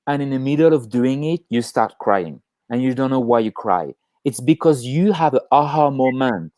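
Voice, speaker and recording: A man co-hosting a casual chat on a video call, talking in an animated way, swearing freely and acting out inner voices. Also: medium pitch, normal speed, hardly any pauses, no room sound. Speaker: podcast co-host.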